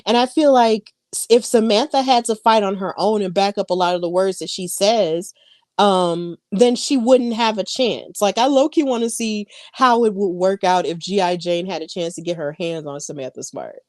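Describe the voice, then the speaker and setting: A woman co-hosts a podcast in an easy, casual chat. She is animated and puts on little voices when she quotes people. The sound is dry and close, with no room around it. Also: mid-range voice, normal speed, no room sound. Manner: animated, acts out quoted lines. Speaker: podcast co-host.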